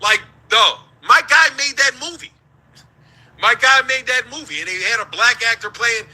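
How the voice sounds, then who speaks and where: A man's voice: very high voice, moderate pace, sharp tone, poor audio. A man from the United States hosting a show, ranting in heated, profane commentary and laughing between his points.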